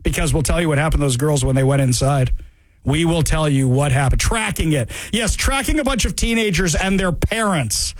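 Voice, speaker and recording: A man with a high voice hosts a talk show, running an opinionated monologue full of sarcasm and mockery. His pitch jumps up and down constantly as he talks. The sound is dry and close, with no room around it. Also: brisk, no echo. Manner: sarcastic, mocking, animated.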